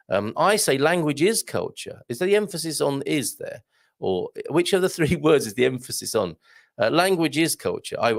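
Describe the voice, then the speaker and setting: A middle-aged British man hosts a live show, reading out viewer comments in a casual, wry chat filled with ums and asides. His voice is medium-pitched and gravelly.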